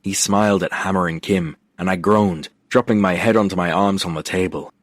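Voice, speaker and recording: A man narrating a romance audiobook in the first person, wry and expressive, on a close studio mic. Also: sits low, fairly quick, dry recording.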